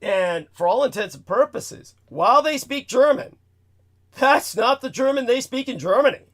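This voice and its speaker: A man's voice: very high voice, lively intonation, moderate pace. A man hosting a talk show, delivering a rambling, emphatic lecture full of asides. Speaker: host.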